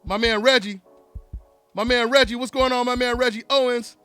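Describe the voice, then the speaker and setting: A man hosting a solo live call-in boxing talk show, animated and taunting, calling out listeners over and over. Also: extremely high pitch, normal speed, clean tone, no echo, soft background music. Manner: animated, taunting, repeats himself.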